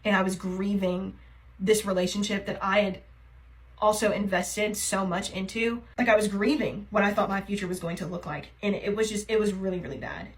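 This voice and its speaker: A woman's voice: medium pitch, steady tone, normal speed, rough recording. A young woman telling a personal story in a confessional get-ready-with-me vlog, hesitant and full of fillers, emotionally raw. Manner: rambling and hesitant, heavy on fillers. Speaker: TikTok creator.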